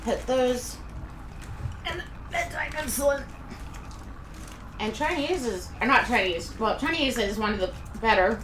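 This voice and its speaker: A woman's voice: fairly high pitch, a little slow, long pauses, a bit bright. A middle-aged woman from Kansas, chatting casually and rambling as she live-streams from home. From Kansas, USA. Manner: rambling, chatty, talks while eating. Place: home room. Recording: echoey room, faint background noise.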